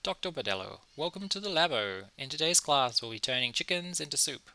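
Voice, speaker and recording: A man voicing a pompous male science lecturer in a video game, reading his lines slowly and theatrically. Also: on the high side, animated, sharp tone, no room sound. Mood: grandiose.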